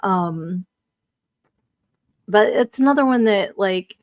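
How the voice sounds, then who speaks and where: A woman in her forties hosting a live stream, chatting casually and reading out viewer comments in a talkative, animated way, with lots of "like" and frequent laughter. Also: mid-range voice, takes it slowly, no echo. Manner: chatty and animated, heavy use of "like", laughs often. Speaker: streaming podcast host.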